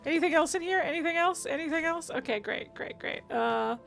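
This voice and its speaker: High-pitched woman streamer rambling thru her game, lots of laughing, faint music behind. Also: animated, fairly quick, gravelly, a bit bright. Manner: chatty, self-narrating, laughs often. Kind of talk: casual let's-play commentary.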